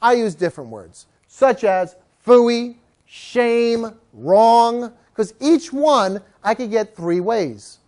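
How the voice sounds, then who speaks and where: A woman's voice: fairly high pitch, very animated, slow, few pauses, a little mellow. A woman dog trainer teaching a live class, telling stories, acting out dogs and owners, and coaxing the group to repeat words after her.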